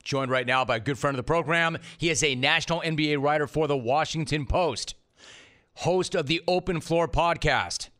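Bright, wisecracking male radio host. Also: fairly high pitch. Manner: wisecracking, fast banter. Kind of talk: sports talk radio.

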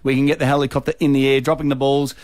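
A man's voice: mid-range voice, flat delivery, very fast, darkish tone. A man co-hosting breakfast radio, reading event plugs in a chatty, filler-heavy way. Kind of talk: casual radio announcing. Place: radio studio.

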